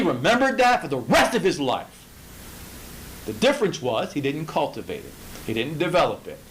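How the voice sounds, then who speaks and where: A man leading an informal Bible study, emphatic and full of rhetorical questions, swinging from low murmurs to loud bursts. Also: very animated, moderate pace, low-quality recording.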